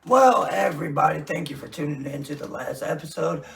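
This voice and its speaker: A man's voice: a little high, animated, brisk, gravelly, recorded from a distance, a crowd in the background. A man co-hosting a podcast, chatting loosely with plenty of swearing. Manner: loose, profane banter. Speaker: podcast co-host. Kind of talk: casual podcast chat.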